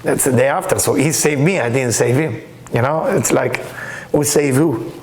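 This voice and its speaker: A man teaching a Kabbalah class, reading Hebrew texts aloud and explaining them with lively stories. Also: mid-range voice, normal speed, a little hiss or hum. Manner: animated, reads Hebrew text aloud and explains it. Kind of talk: lecture with storytelling. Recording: echoey room.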